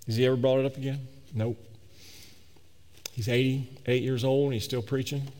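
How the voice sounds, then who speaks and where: Folksy preacher in a reverberant hall. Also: male voice, medium pitch, gravelly. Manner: folksy, animated storytelling with repetitions. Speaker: pastor. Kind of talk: storytelling sermon.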